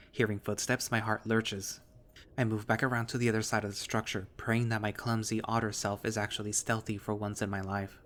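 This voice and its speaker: A man reading a visual novel aloud in the first person, with steady storytelling. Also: on the low side, fairly quick. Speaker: narrator.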